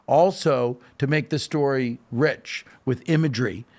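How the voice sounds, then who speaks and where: Gravelly-voiced man, emphatic storyteller. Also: mid-range voice, measured pace, a little mellow. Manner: emphatic storytelling, frequent "okay?" check-ins and filler restarts. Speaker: podcast guest. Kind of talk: animated casual talk.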